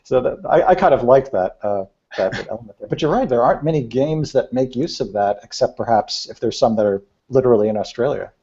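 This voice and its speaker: A man's voice: medium pitch, lively intonation, fairly quick, dark tone. A man co-hosting a podcast, talking in thoughtful casual chat with dry humor. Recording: dull lo-fi podcast audio.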